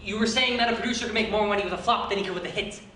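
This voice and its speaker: An actor playing a scheming, blustering male theater producer in an acting-class scene, wheedling and prone to shouting bursts. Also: medium pitch, racing, lightly acted. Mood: eager. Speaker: acting student. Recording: echoey room, far mic, noisy.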